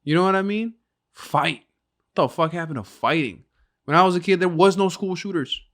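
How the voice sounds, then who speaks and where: A man's voice: sits high, brisk, fairly bright tone. A young man co-hosting a casual podcast, talking brashly and profanely, laughing and acting out little scenes. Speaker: podcast co-host.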